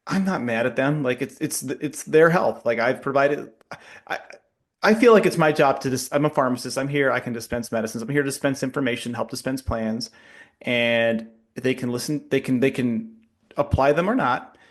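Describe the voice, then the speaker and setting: A man who works as a pharmacist, co-hosting a podcast in casual chat, animated and quick to laugh. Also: mid-range voice.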